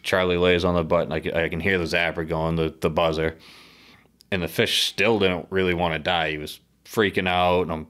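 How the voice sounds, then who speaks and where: Deep voiced guy from the northeast telling a fishing yarn on a podcast, swears a lot, gets worked up. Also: fairly quick. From northeastern United States. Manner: swears freely, animated retelling. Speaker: podcast guest, harpoon fisherman. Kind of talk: casual storytelling over beers.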